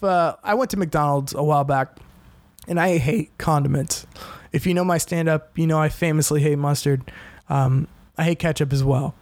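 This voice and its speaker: A man's voice: fairly high pitch, no room sound. A young man hosting a solo podcast, ranting casually with lots of cursing and self-deprecating asides. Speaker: podcast host.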